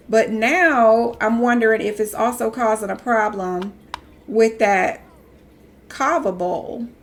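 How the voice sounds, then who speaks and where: Gal chatting thru a game stream, fussing at the characters, kinda high voice. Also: female voice, a bit bright. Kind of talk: casual live game commentary.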